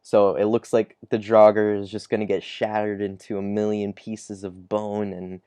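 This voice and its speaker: Man, low mellow voice, dry close sound; casual recap reader who chuckles and trails off. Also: little pitch movement, moderate pace, smooth, no echo. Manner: chuckles often, trails off mid-sentence. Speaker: comic chapter reviewer. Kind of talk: casual recap reading dialogue aloud.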